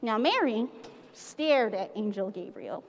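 A woman leading an interactive children's Christmas pageant in a church, playful and animated, coaxing listeners to join in. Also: a little high, unhurried, in a large hall. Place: church sanctuary.

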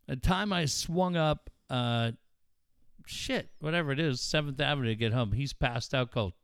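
A man's voice: medium pitch, moderate pace, a bit bright, clear, resonant tone, dry recording. A middle-aged man hosting a podcast, telling stories in a blunt, profane, heated way. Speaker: podcast host. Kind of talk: casual storytelling chat.

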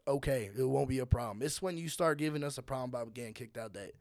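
A man's voice: mid-range voice, fast talker, vocal fry, darkish tone, no echo, studio quality. A man working as bar security, telling a story in casual profane chat and acting out the quoted lines.

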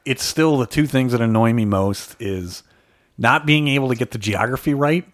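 A man's voice: mid-range voice, normal speed. A man from the Chicago suburbs with a slight South Side Chicago accent, co-hosting a podcast in rambling casual chat, often correcting himself mid-sentence. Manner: rambling, self-correcting, lists facts. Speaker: podcast co-host.

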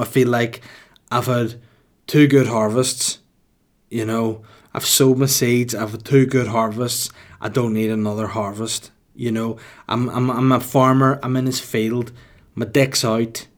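A man in his thirties hosting a solo podcast, rambling crudely and jokingly with lots of swearing. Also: mid-range voice. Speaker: podcast host.

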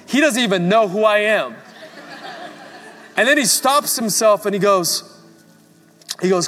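A man with a fairly high voice preaches before a congregation, telling stories and pressing his points with rising fervor. His voice rings through a large church hall with long reverb, and soft music plays faintly beneath. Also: moderate pace. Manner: storytelling, rising to fervent emphasis. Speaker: pastor. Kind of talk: sermon.

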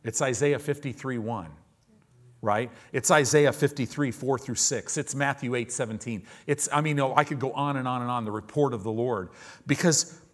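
Male pastor, mid-pitched, lively sermon delivery with loud acted-out quotes, in church. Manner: animated, swings between soft asides and loud acted-out quotes. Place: church sanctuary.

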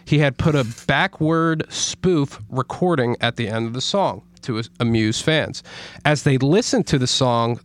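A man's voice: medium pitch, animated, a little slow. A man co-hosting a casual podcast, reading stories aloud with stumbles and frequent laughter. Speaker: podcast co-host.

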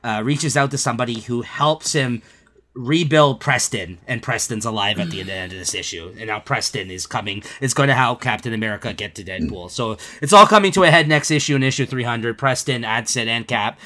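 A man's voice: medium pitch, a little fast, sharp tone. A man co-hosting a casual podcast, retelling comic scenes with lots of laughter and filler words. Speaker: podcast co-host. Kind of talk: casual comic book chat.

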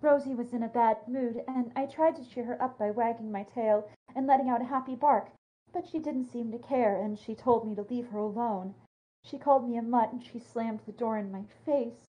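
A woman's voice: a little high, moderate pace, warm tone, lightly acted, low-quality recording. Woman voicing Jenna, a weepy sad dog. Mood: tearful. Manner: sobbing, breaking into laughter. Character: gentle tearful female dog, heartbroken. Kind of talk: comedic dramatic reading.

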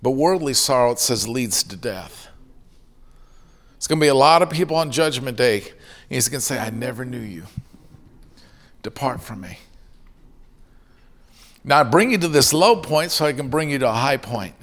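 This middle-aged pastor preaches earnestly in a mid-range, fairly bright, expressive voice at a moderate pace. At times he acts out the voices of the people in his stories.

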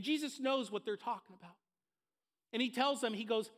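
Male pastor, high tenor voice, emphatic repetition. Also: animated, a little fast. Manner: building to impassioned, emphatic repetition. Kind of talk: sermon. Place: church service.

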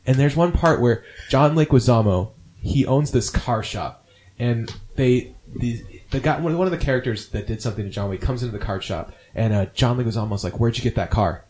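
A man's voice: mid-range voice, animated, fairly quick, darkish tone. A man co-hosting a casual movie review podcast, rambling and restarting often as he talks. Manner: rambling, many restarts and fillers. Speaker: podcast co-host.

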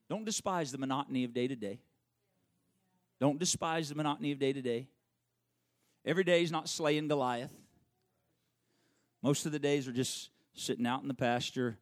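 A man preaching a sermon, animated and conversational, who repeats his key phrases and makes quick asides to the congregation. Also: high-pitched. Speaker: pastor.

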